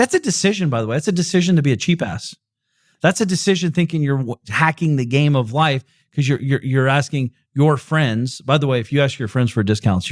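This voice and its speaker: A man hosting a podcast, delivering a blunt, profane motivational monologue with lots of emphasis and repetition. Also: medium pitch. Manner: profane, emphatic, repeats himself. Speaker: podcast host. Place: podcast recording.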